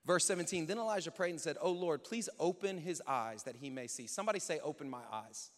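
A man preaching a sermon in a lively, conversational way, acting out quotes and joking with the church. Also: a little high, brisk. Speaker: pastor. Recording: reverberant hall.

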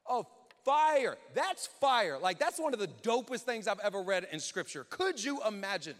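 Animated high-voiced man preaching. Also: normal speed. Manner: animated, conversational preaching with acted-out quotes. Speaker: pastor. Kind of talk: sermon. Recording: reverberant hall.

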